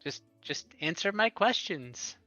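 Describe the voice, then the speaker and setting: A man's voice: a little high, lively intonation, a little slow, pushed and bright, no room sound, voice pushed up. A man voicing a giggly, mischievous female fairy who poses riddles in a gleeful singsong. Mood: teasing. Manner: gleeful, repeats her words in a singsong. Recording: dull lo-fi audio, faint music.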